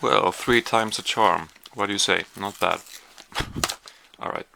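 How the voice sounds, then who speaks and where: Here the vlogger has a lowish, gravelly voice and speaks slowly over background noise. Chatting through his taste test, he hesitates, leans on fillers, and occasionally talks with food in his mouth.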